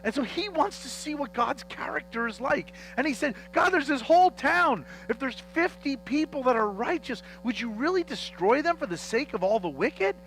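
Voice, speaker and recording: A man preaching a teaching sermon as pastor, animated and joking as he acts out the dialogue of a Bible story in church. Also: very high-pitched, normal speed, few pauses, slight background noise, poor audio.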